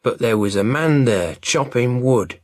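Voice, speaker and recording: A man's voice: mid-range voice, animated, no echo, studio quality, natural voice. A man doing a frightened, breathless robber. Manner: rushed, fearful complaining.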